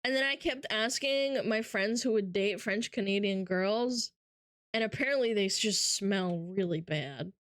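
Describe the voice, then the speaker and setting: A woman's voice: medium pitch, measured pace, fairly bright tone, dry recording, studio quality. A woman streamer chatting casually and reading out live comments, playful and teasing with frequent giggles, talking from her home setup.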